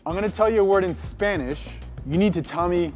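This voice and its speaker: A young man hosting a trivia challenge, playful and teasing, with an energetic delivery. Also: high voice, brisk, soft background music. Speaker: quizmaster of a challenge game.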